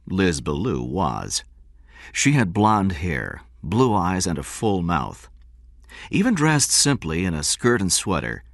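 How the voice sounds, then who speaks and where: A man reading an audiobook narration in a steady, measured way. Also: deep voice, vocal fry, no room sound, studio quality. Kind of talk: scripted narration.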